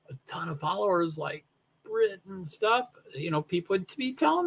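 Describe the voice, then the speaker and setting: A man's voice: sits high, big pitch swings, moderate pace, vocal fry, a bit bright, husky. Tired, yawning man rambling on a livestream. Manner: rambling, self-interrupting with fillers. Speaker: live streamer. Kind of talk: casual solo livestream chat about racing.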